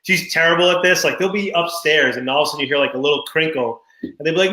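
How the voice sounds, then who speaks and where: A middle-aged man co-hosting a casual dad podcast, telling animated stories about his kids and laughing often. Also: a little high, fast talker, echoey room, rough recording. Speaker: podcast co-host. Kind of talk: casual chat.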